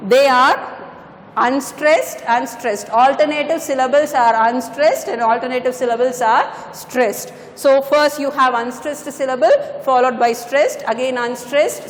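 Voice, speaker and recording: A high-voiced woman explains a poem like a classroom teacher, going back over points and correcting small slips. The room is echoey, with a long reverb tail and a faint hiss underneath. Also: unhurried. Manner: patient, repeats points, corrects herself. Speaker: English teacher. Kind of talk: classroom lecture on poetry.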